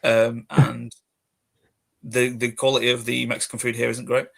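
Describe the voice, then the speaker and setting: A man's voice: medium pitch, little pitch movement, normal speed, gravelly, a bit bright. A British man co-hosting a casual podcast, joking and poking fun at himself. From Britain. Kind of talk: casual chat.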